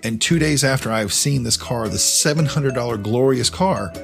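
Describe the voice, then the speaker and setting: A young man telling a personal story on his podcast in a casual, profane, animated way. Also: mid-range voice, normal speed, creaky, soft background music. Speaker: podcast host.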